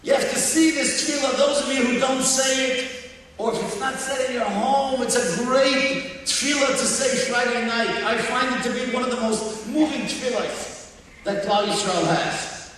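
A man as a rabbi, telling a story in a sermon, animated, acting out quotes and breaking into song. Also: very high voice, moderate pace, slight background noise. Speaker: rabbi giving a talk. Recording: echoey hall, distant mic, faint ambience.

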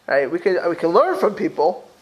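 A man speaks as a rabbi teaching a Torah class to a room of listeners. His voice sits high and swings widely up and down as he fires off rhetorical questions. He stumbles and restarts often. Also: sing-song, moderate pace, low-quality recording. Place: room with a live audience.

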